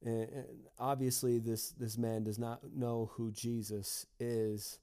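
An earnest male pastor preaching a devotional message in a mellow, warm voice at a middle pitch. He often repeats words and fills pauses with "uh" and "um" as he works through his points. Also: little pitch movement, clear, resonant tone. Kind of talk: devotional sermon.

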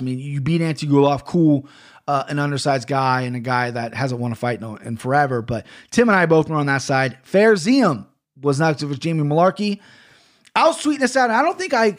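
A man hosting a casual podcast, talking bluntly and with plenty of swearing as he rambles through a fight recap from a home studio mic. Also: a little high. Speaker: podcast host. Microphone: studio microphone.

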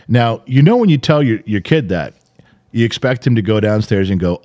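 Profane, animated middle-aged man. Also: lowish voice, a little fast. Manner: profane, exasperated, acts out quotes. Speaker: podcast co-host. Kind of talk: casual storytelling chat.

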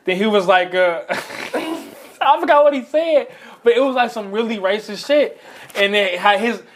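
A man's voice: high voice, unhurried, a little hiss or hum. A young man in casual chat, telling stories with lots of laughter. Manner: animated storyteller, laughs often.

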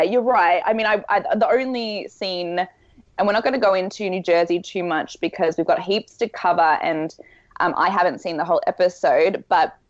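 A woman's voice: lowish voice, dry recording, dull audio. A woman with an Australian accent, chatting candidly and self-deprecatingly as a podcast co-host. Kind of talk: casual chat.

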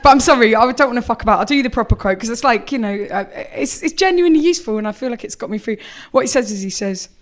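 A woman's voice: fairly high pitch, expressive, rapid-fire, few pauses. A British woman doing a live stand-up set, rambling and self-mocking, slipping into fake-solemn quotes and giggly asides. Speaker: stand-up comedian. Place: comedy club stage in front of a live audience. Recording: live room with loud crowd laughter.

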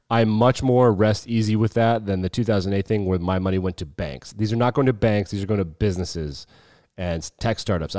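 Low-voiced, animated millennial podcast host. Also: male voice, dry recording, clean studio sound. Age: 30s. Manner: animated, swears freely, mimics people mid-story. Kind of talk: casual chat.

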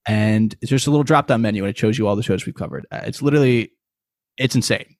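Low-voiced man hosting a podcast. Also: quick pace, dry recording, clean studio sound. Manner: relaxed, swearing, wraps up with show plugs. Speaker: podcast host. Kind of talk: casual podcast chat.

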